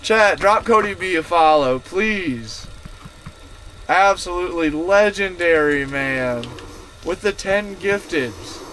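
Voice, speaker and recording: A man tells a rambling, profane story to his stream chat from inside his camper van. His voice sits a little high for a man. A faint hiss of noise runs under it. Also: slow. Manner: profane, animated, rambling with many fillers. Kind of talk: casual storytelling to a live chat.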